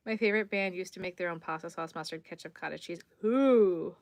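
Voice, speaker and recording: A woman with a fairly low voice hosts a casual crochet livestream, chatting easily and responding to viewers' comments as she crochets, though she sounds a little tired. The audio is studio quality, with no room sound.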